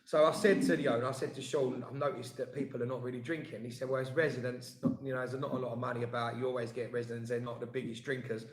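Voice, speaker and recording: A man's voice: mid-range voice, fairly even intonation, quick pace, few pauses, echoey room. A man hosting a live stream, chatting casually and teasing his co-host.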